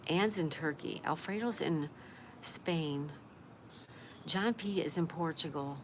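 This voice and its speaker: A woman's voice: deep voice, slow. A woman hosting a casual live stream, chatting with her viewers and greeting them by name. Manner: chatty, greets viewers by name and reads their comments aloud. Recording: clear background noise.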